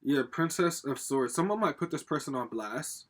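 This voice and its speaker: Husky-voiced man giving a loose tarot reading. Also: on the high side, animated, moderate pace, fairly bright tone. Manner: loose, profane, talks straight to viewers; rambling with frequent fillers and laughs. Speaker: tarot card reader. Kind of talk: casual pick-a-card tarot reading. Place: home, with a laptop.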